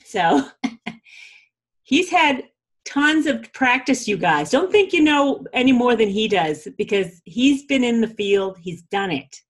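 A woman's voice: a little high, sing-song, slow. A woman in a casual spiritual teaching talk, chatty, often laughing and saying "you know" and "like".

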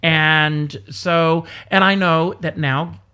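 A man from South Carolina, a stage performer and guest, chatting casually and telling rambling, animated stories. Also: on the high side, slow pace, clean tone. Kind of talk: casual interview chat.

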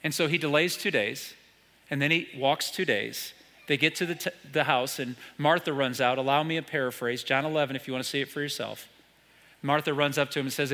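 A man's voice: mid-range voice, a little fast, pushed and bright. A man with an American accent preaching a sermon from a church stage, retelling stories and asking the congregation questions. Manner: storytelling, with rhetorical questions to the congregation. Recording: long hall reverb.

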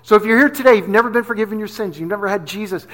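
A middle-aged pastor from New Jersey preaches a sermon in a conversational, storytelling way, often asking "right?" His voice is high, a bit bright, and racing.

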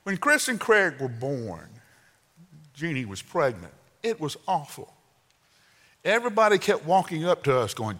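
A man in his sixties preaching a sermon, telling folksy family stories with sudden loud outbursts and soft asides. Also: a little high, sing-song, measured pace. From Southern United States. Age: 60s. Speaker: pastor. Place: church sanctuary. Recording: long hall reverb.

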